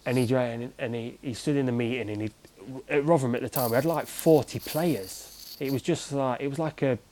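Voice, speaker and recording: A man of middle pitch, a former goalkeeper, tells stories as a guest in a relaxed interview. His talk rambles and restarts often. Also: brisk, low-quality recording. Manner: rambling, conversational, many restarts and fillers. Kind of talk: casual storytelling in an interview.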